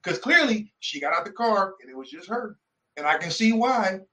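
A man co-hosts a casual podcast and tells a rambling story, full of swearing. He acts out each person in it. His voice sits a little higher than most men's. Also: moderate pace, rough recording. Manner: animated, profane, acts out the people in his story. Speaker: podcast co-host. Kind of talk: casual chat, storytelling rant.

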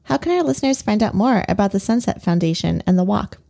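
A woman's voice: mid-range voice, lively intonation, fast, gravelly, dark tone. A woman hosting a podcast interview, talking in an earnest, emphatic way. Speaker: podcast host. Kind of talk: conversational interview.

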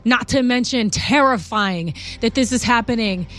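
A woman's voice: on the high side, normal speed, a bit bright, soft background music. A woman guest-hosting a talk show, chatty and indignant, speaking emphatically. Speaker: guest host.

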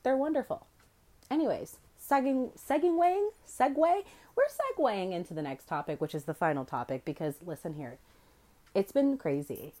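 A woman's voice: sits low, fairly quick. A young woman hosting her own podcast, ranting brashly and swearing freely as she tells stories. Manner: brash, profane, animated storytelling. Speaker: podcast host. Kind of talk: solo podcast rant.

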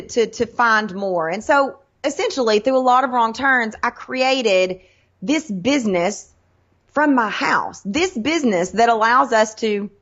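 A woman's voice: fairly high pitch, lo-fi sound. A middle-aged woman from Tennessee with a Southern accent, chatting as an interview guest and acting out the people in her stories. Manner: animated storytelling, acts out quotes. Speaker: guest, sales trainer. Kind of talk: casual interview chat.

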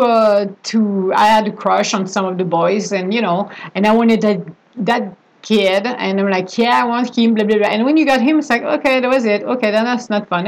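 A woman's voice: mid-range voice, poor audio. A woman talking casually and emphatically about love spells, with chatty asides and a way of speaking English. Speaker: spiritual practitioner giving advice. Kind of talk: casual monologue.

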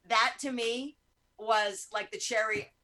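A woman hosting an online chat show over a video call, effusive and animated, with frequent swearing. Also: a little high, slow, crowd noise. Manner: gushing, animated and profane. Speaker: host. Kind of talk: casual chat.

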